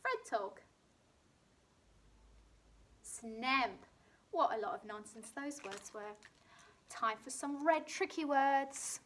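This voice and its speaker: A woman teacher with a British accent leads a phonics lesson for young children. She speaks slowly, in a slightly high voice, sounding out each word with clear emphasis. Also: animated. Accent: British English. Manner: slow, clearly sounded-out words with bright emphasis. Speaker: primary school teacher.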